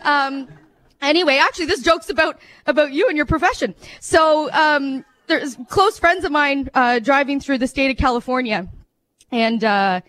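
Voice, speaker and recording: A woman with a fairly high voice performs a shaky stand-up routine. She giggles nervously, trails off and mocks her own jokes as she rambles on. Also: normal speed, a bit bright, no echo. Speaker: radio host doing stand-up. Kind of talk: nervous amateur stand-up set.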